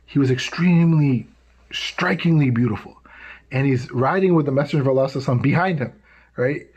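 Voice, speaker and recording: A man telling religious stories to tweens in a casual, animated way, checking in with the listeners often. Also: medium pitch, quick pace, breathy edge, highs cut off. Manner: casual, animated, tags lines with "right?"; acts out quoted voices. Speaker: youth speaker. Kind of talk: storytelling talk to tweens.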